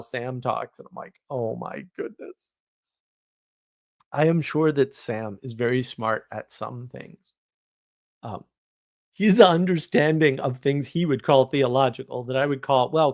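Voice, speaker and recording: A man hosting a casual livestream reads viewer comments and argues back in a wry, chatty way. His voice sits fairly high for a man. The sound is dry and close, with no room echo. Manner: chatty, wry, argumentative, laughs often. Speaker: livestream host.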